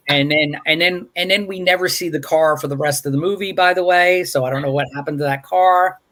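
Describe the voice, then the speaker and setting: A man with a somewhat high voice hosts a laid-back movie review live stream over a video call. He rambles wryly through the story, stopping often for fillers and restarts. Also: steady tone, moderate pace, a bit bright. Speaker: movie review show host.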